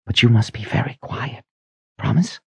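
A man reading an audiobook voices a young sorceress in hushed, urgent whispers, stern and protective toward her student. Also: medium pitch, animated, normal speed, vocal fry, husky, no room sound, pitched above the performer's own voice, full character voice. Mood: tender hush. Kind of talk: audiobook character voice.

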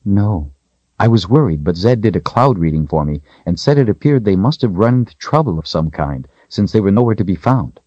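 A wry, friendly young woman, voiced by a male narrator with a lightly raised, gentle tone. The recording sounds dull and lo-fi. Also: lowish voice, very animated, brisk, no echo, voice pushed up.

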